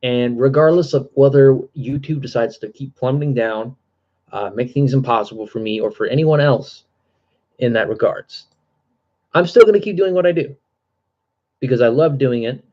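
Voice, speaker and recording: A man's voice: medium pitch, moderate pace, darkish tone, muffled recording. A man talking casually on his live stream, out of breath, earnest and rambling with many fillers and restarts.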